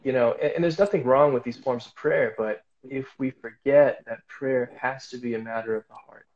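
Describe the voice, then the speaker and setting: A man's voice: medium pitch, steady tone, normal speed, a little mellow, highs cut off. Rambling man sharing a faith story. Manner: rambling storyteller with many fillers. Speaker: guest speaker. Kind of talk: casual faith testimony.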